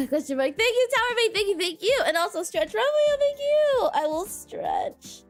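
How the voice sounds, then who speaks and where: A woman's voice: very high-pitched, big pitch swings, fairly quick, faint music behind. A woman streamer chatting casually and reading viewer messages aloud, giggling often and playfully repeating stock phrases.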